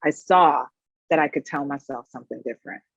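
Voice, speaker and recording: Wellness coach, woman, husky animated delivery, dry dull lo-fi sound. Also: low-pitched, a little fast, no room sound. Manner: animated storyteller, frequent "right?" tag questions. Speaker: wellness practitioner. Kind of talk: conversational panel advice.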